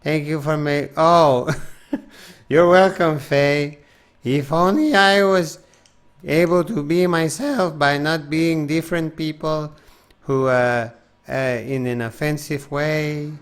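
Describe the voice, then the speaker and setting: Man, slightly high voice, slow, self-mocking, casual game stream chat. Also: fairly even intonation, smooth.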